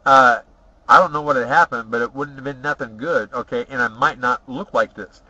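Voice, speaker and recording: A man's voice: mid-range voice, brisk, bright, forceful tone, slightly rough, dry recording. A middle-aged man rambling through boastful, profane personal stories, tagging his lines with "okay?". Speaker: storyteller. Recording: dull lo-fi recording.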